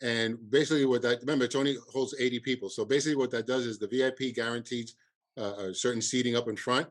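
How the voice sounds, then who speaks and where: Interviewed on a podcast, this Cuban-accented man, who produces festivals, stumbles along with frequent fillers and false starts. He speaks in a middle register with fairly level intonation.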